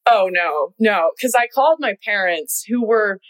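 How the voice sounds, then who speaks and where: A woman's voice: mid-range voice, lively intonation, a little slow, no room sound, poor audio. A young woman telling her story as a guest in a casual chat, laughing often and saying "like" a lot. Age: young adult. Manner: chatty, laughs often, many "like"s. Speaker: guest, college athlete.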